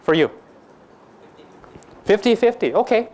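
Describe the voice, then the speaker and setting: A man's voice: sits high, expressive, moderate pace, darkish tone. A man teaching a finance class, questioning students constantly and joking between points. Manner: questions students constantly, mixes Thai phrases, jokey. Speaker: finance lecturer. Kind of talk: classroom lecture.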